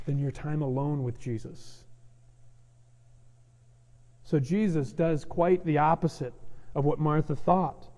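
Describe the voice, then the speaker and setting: A man preaching a sermon to his congregation in an earnest, emphatic way that moves between loud, urgent passages and soft, gentle ones. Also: a little high. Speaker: pastor. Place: church sanctuary. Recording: long church reverb.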